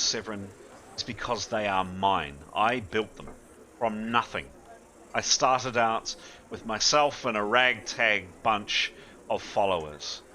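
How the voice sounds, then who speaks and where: A man voicing an older woman, a proud and stubborn former mercenary commander, in a low, measured, emotional way. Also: sharp tone, a little hiss or hum.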